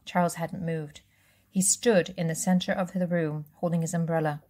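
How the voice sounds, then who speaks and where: A woman reads a children's novel aloud in a relaxed way, now and then stopping to correct herself or add a casual aside. Her voice is low and husky. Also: moderate pace. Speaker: reader.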